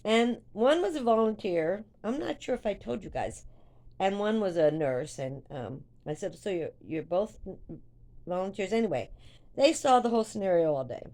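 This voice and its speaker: An older woman vlogging, telling a story to her viewers in a chatty, rambling way that grows animated when she retells events. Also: medium pitch, normal speed. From United States.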